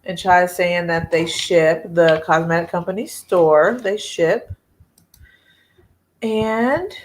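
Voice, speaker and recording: A woman, hosting a casual beauty live chat, chatty and laughing often as she reads viewer comments. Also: lowish voice.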